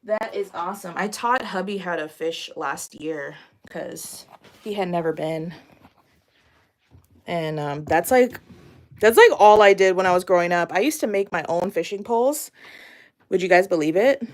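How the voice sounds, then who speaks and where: A young woman with a slightly low voice talks casually to her viewers at home while doing chores. She rambles along with plenty of fillers, sounding a little out of breath as she works. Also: a little slow, darkish tone. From Massachusetts. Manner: chatty, rambling, many "like" and "um" fillers. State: a bit out of breath. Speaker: vlogger chatting with viewers.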